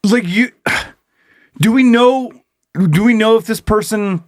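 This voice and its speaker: A man's voice: sits high, unhurried, no echo. Podcast co-host, male, forties, loose rambling delivery, dry close mic. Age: 40s. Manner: rambling, laid-back, swears freely. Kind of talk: casual comedic chat.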